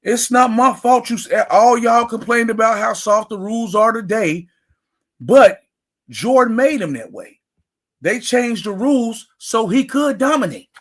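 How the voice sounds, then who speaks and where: A man's voice: extremely high pitch, expressive, measured pace. Emphatic ranting male sports streamer. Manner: emphatic, ranting, greets chat viewers. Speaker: sports talk show host. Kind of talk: casual livestream commentary.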